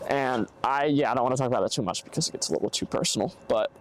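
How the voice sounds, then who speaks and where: A man's voice: mid-range voice, rapid-fire. A young man hosting a casual solo podcast, giving earnest, rambling advice and acting out hypothetical conversations. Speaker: podcast host. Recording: faint background noise, bad mic.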